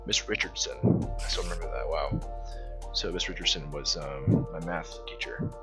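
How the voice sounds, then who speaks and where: His pitch is extremely low and his speed normal as this young Southern gaming host laughs his way through a rambling school story over gameplay. Fillers and restarts pile up throughout, and music sits behind his voice.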